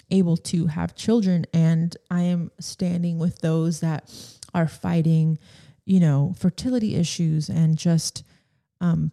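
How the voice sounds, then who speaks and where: A woman's voice: on the low side, vocal fry, dark tone. A young woman hosting a solo podcast, talking in a rambling, emotional way and often losing her train of thought. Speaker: podcast host.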